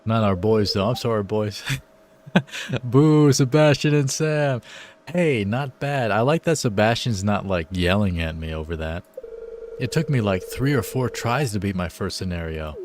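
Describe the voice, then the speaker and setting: A man's voice: fairly low pitch, normal speed. Playful male game streamer. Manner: playful, excitable, chatty. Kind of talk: live game commentary, reading dialogue aloud.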